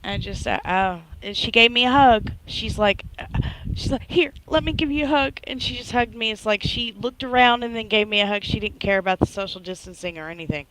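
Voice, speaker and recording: A woman's voice: medium pitch, a little fast, slight background noise, poor audio. A middle-aged woman, hosting a live stream and chatting casually as she retells a story, often checking in with listeners. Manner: chatty, animated retelling with frequent "right?".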